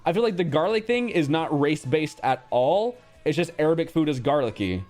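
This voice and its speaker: A man chatting casually on a livestream, blunt and profane, quick to react. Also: a little high, expressive, darkish tone, faint music behind. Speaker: streamer.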